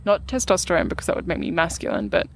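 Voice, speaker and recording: A woman's voice: on the low side, big pitch swings, quick pace, creaky. A woman chatting casually outdoors, thoughtful and hesitant, searching for her words. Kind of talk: casual chat. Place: outdoors in a city park.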